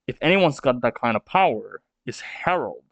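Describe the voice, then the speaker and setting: A man reading the lines of a brash, ambitious male pirate captain in a gruff, boastful tone. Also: mid-range voice, animated, normal speed, no echo, highs cut off, natural voice.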